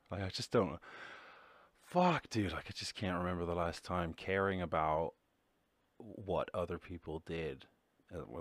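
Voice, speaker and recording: A young Irish man with a deep, low voice talks through a solo podcast, loose and rambling, swearing freely and poking fun at himself. The sound is dry and close, with no room around it. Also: dry recording. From Ireland. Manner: rambling, swearing, self-mocking, quick shifts into mock voices. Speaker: podcast host. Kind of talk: casual solo chat.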